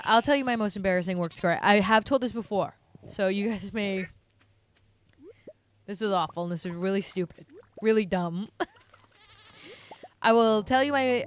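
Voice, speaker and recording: A woman's voice: medium pitch, moderate pace, long pauses. A young adult woman streamer chatting casually to her viewers, telling a rambling, self-deprecating story with frequent laughs. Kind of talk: casual live-stream chat.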